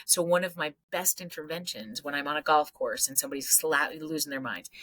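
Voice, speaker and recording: A middle-aged woman psychologist from Canada, talking energetically on a podcast and breaking into loud acted outbursts. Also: low voice, brisk, hardly any pauses, poor audio. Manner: animated storyteller, swings into loud acted outbursts. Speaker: psychologist guest.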